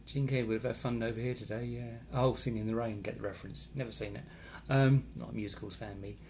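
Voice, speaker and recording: Chatty man with gravelly voice. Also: mid-range voice, steady tone, fast talker, darkish tone, a little hiss or hum. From England. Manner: rambling, chatty, reacting to comments. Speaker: vlogger reading live comments. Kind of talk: casual live-stream chat. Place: hotel room.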